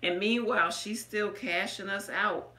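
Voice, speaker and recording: A woman telling a story in animated chat, laughing often and acting out the people she quotes. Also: mid-range voice, unhurried. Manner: lively, laughing often, acts out quoted voices. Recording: echoey room.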